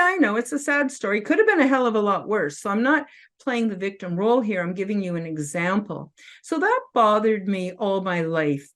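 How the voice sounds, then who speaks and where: A woman in her fifties hosting her own show, telling a personal story to camera in an earnest, openly emotional way, tearful and halting with restarts. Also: mid-range voice. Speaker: host.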